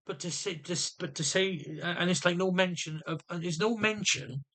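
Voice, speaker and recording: Guy ranting into his camera, bright sharp voice, keeps tripping over his words and starting again. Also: sits high, moderate pace. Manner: agitated, restarts and repeats words often. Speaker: vlogger. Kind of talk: venting monologue to camera.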